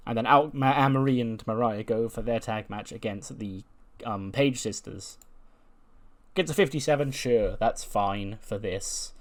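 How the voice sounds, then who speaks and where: A man's voice: on the low side, unhurried. A man casually narrating a wrestling simulation playthrough, chatty and full of fillers. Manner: chatty, filler-heavy, laughs now and then. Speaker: game narrator.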